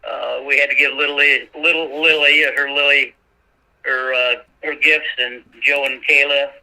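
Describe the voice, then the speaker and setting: An older man talking as a guest in a folksy, chatty way, pausing with fillers. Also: medium pitch, level tone, sharp tone, rough recording. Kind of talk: casual chat.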